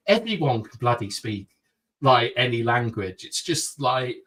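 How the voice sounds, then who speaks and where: A man co-hosting a live-streamed fan show, talking in a lively, opinionated way with plenty of "like" and restarts. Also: medium pitch, measured pace. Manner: animated, opinionated, rambles with fillers. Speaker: podcast co-host. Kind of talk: casual live-stream chat.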